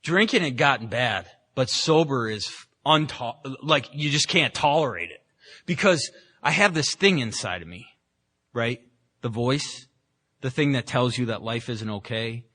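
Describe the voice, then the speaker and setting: A man's voice: fairly high pitch, animated, normal speed, sharp tone. A man giving a candid, self-mocking personal recovery talk at a meeting, telling his story with many restarts. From San Francisco, California. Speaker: AA meeting speaker. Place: meeting room.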